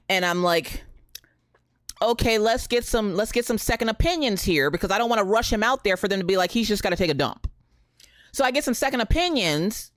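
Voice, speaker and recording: A woman's voice: mid-range voice, no room sound, clean studio sound. A woman in her thirties chatting casually on a live stream, greeting viewers by name and telling a story. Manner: animated, greets chat by name, Southern "y'all".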